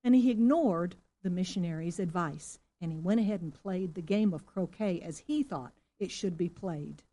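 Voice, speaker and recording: A woman's voice: lowish voice, moderate pace. Woman pastor from Singapore preaching. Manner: storytelling, asks the congregation questions, rises to loud exclamations. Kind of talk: sermon.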